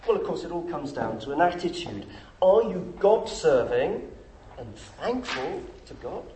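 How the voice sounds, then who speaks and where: A middle-aged man preaching a sermon, emphatic and full of rhetorical questions. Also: moderate pace. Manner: emphatic, rhetorical questions, lively pitch swings. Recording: echoey room with faint noise.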